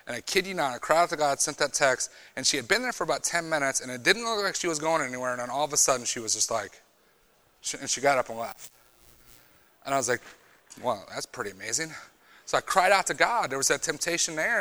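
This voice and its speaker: Emphatic preaching man, bright voice. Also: a little high. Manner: emphatic preaching, swinging between loud bursts and quiet storytelling. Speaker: retreat speaker. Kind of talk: youth sermon.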